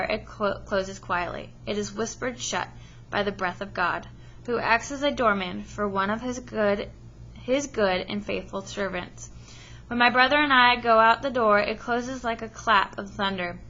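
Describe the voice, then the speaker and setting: A woman's voice: fairly high pitch, bright, forceful tone, dull audio, a little hiss or hum. A woman teacher reading a story aloud with expression and stopping to ask her listeners questions. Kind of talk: read-aloud lesson with comprehension questions.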